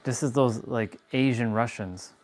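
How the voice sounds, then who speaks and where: A man's voice: mid-range voice, unhurried, darkish tone, poor audio. Man blurting reactions to a documentary. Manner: blunt, swears, short exclamations. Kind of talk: casual reaction commentary.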